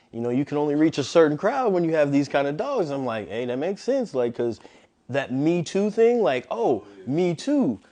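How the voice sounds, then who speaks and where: A man who trains dogs, talking casually in an interview and telling animated stories in which he acts out what other people said. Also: medium pitch. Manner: animated storyteller, acts out quoted voices. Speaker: dog trainer, guest.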